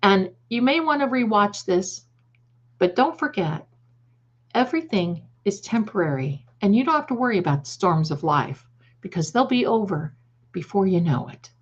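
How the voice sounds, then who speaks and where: A woman's voice: mid-range voice, very animated, moderate pace. Chatty woman psychic hosting a live stream. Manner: affectionate, calls viewers "my darling"; chatty, repeats words and restarts. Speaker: psychic livestream host. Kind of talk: live-stream chat reading comments. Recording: slightly dull lo-fi stream audio.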